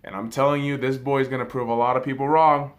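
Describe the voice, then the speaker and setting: A young man hosting a podcast, talking sports in a casual, profane, excitable monologue with big swings in volume. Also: mid-range voice, quick pace. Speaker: podcast host.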